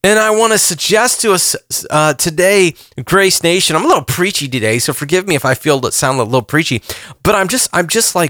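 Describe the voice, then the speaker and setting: A man's voice: high voice, animated, fairly quick, pushed and bright, no echo, studio quality. A pastor in his forties delivering an impassioned sermon, earnest and repeating phrases for emphasis. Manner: earnest, repeats himself, rising emphasis on questions.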